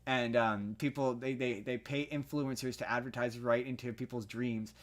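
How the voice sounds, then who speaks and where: A man's voice: mid-range voice, fairly even intonation, moderate pace. Rambling, heated young man on a podcast. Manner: rambling, heated, frequent restarts and fillers. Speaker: podcast co-host. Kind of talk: casual movie review chat.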